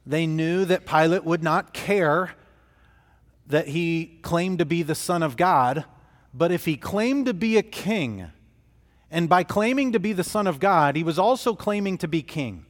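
A man's voice: a little high, lively intonation, a little slow. A man preaching an expository sermon as pastor, earnest, often restarting his phrases as he thinks aloud. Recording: long hall reverb.

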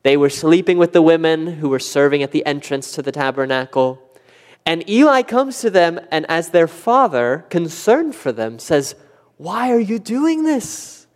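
Male pastor, fairly high voice, animated sermon delivery in a long-reverb sanctuary. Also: moderate pace, clean tone. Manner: animated, acts out quoted questions with rising pitch.

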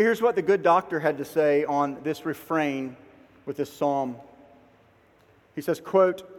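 A man with a notably high voice preaches to his congregation, jumping into little acted-out conversations with himself. The sound carries a long reverb, as if from a large church hall. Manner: animated, acts out both sides of an inner dialogue. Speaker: pastor. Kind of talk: sermon.

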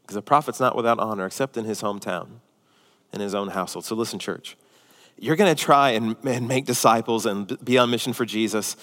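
A man preaching a sermon as pastor, animated and acting out the voices of the people he quotes. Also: medium pitch, moderate pace, pauses often, big-room sound.

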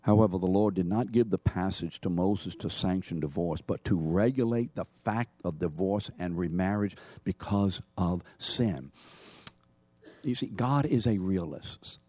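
A man preaching a sermon as pastor, emphatic, rising and dropping in pitch and loudness. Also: moderate pace, hardly any pauses, dry recording.

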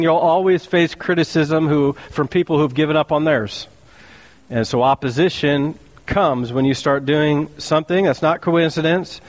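A high-pitched man preaching a sermon as pastor. He speaks in an animated way, peppering his congregation with rhetorical questions and playful asides. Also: long reverb tail.

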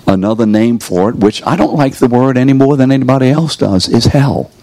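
A preacher teaching a course moves briskly through a sermon before a live audience in a room, asking rhetorical questions and nudging people to reply. His mid-range voice is mellow, with no echo.

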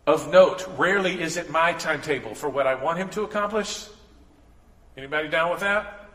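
Pastor, man, bright forceful voice, casual preaching style, echoey church hall. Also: fairly high pitch, a little fast. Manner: conversational preaching with asides and restarts. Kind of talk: sermon. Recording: echoey hall with long reverb.

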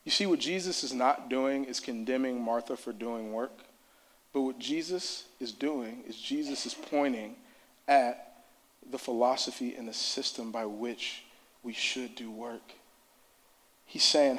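A man's voice: medium pitch, measured pace. A man preaching a sermon in a church service, impassioned and repetitive.

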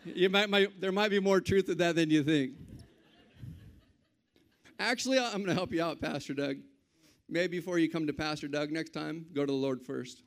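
High-voiced male preacher. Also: normal speed, long pauses. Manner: conversational preaching, rising to bold declarations. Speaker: pastor. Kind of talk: sermon.

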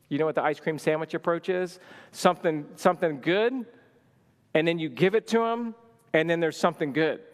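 A male pastor giving an earnest, conversational sermon on marriage, often restarting and acting out sample lines. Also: a little high. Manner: earnest, conversational preaching with frequent restarts and acted-out examples. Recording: long reverb of a large hall.

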